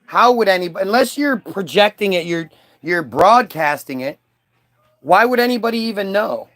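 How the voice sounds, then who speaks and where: A man's voice: high voice, lively intonation, moderate pace, fairly bright tone. A man giving casual, ranting reaction commentary in a sarcastic tone.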